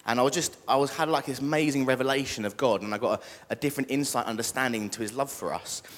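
A young British man with a mid-range voice delivers a casual sermon at a fast pace, joking with the congregation. The recording has the echo of a church hall.

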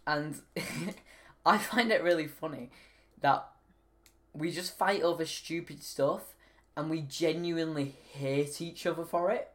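A man's voice: a little high, takes it slowly. A man co-hosting a casual chat, giggling often and rambling, trailing off mid-sentence and restarting his thoughts.

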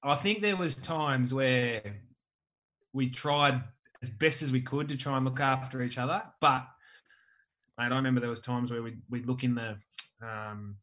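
An Australian man in his thirties, a former footballer, telling rambling stories in a relaxed chat. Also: mid-range voice, moderate pace. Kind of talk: casual storytelling chat.

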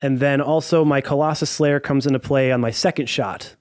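A man's voice: mid-range voice, steady tone, normal speed, no echo, studio quality. A man playing a tabletop game, counting his dice rolls and damage aloud. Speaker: player.

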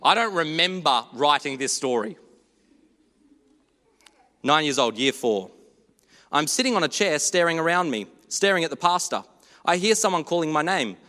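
A man preaching a sermon in a church, earnest and storytelling, moving between hushed and animated delivery. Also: on the high side, moderate pace, long pauses, in a large hall.

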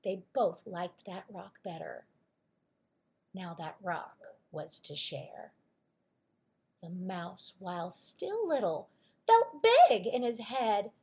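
Breathy, sing-song woman storyteller. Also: mid-range voice, slow. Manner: expressive, sing-song rhyming delivery. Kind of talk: children's storybook read-aloud.

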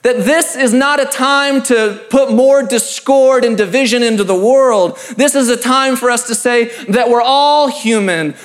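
A pastor giving an earnest, emphatic sermon-style talk, reading scripture and building through repeated phrases. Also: male voice, high-pitched.

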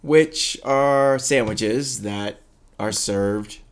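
A man's voice: fairly low pitch, very slow. A man casually chatting as a podcast co-host, rambling and laughing often. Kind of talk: casual chat.

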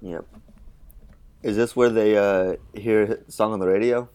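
Lowish guy rambling thru a movie recap, lots of uhs and likes. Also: steady tone, measured pace, a little mellow, clear, resonant tone. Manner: loose and hesitant, full of likes and uhs. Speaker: podcast co-host. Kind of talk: casual chat recapping a film.

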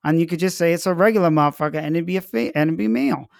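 A man's voice: on the high side, very fast, gravelly, no room sound, clean studio sound. A man being interviewed, answering in a playful, candid and cheerfully profane way. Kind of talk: casual street interview.

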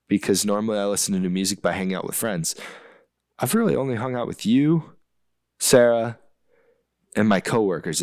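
A man's voice: on the low side, no room sound, clean studio sound. A young man from the United States co-hosting a podcast in casual chat, joking and rambling with frequent laughs. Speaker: podcast co-host.

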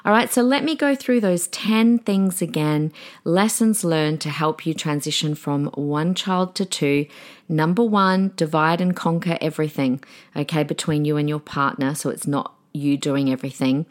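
A woman's voice: sits low, normal speed. Chatty encouraging woman podcast host. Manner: encouraging, chatty, lively with small restarts. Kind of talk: solo podcast talk.

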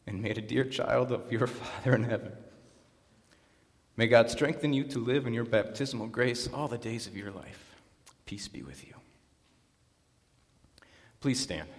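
A man serving as pastor, leading a baptism liturgy, prayers and a scripture reading in a solemn, measured way inside a church. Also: medium pitch. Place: church sanctuary. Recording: long reverb of a church hall.

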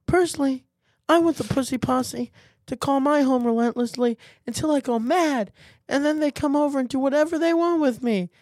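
A podcast host in casual chat, teasing friends and riffing quickly. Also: sits high, dry recording, clean studio sound. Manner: teasing, animated, quick to riff.

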